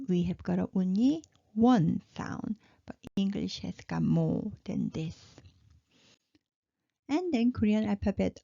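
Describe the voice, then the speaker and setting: A woman teaching a pronunciation lesson, patiently repeating each sound slowly. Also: mid-range voice, gravelly, dark tone, dry recording, highs cut off. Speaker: language teacher.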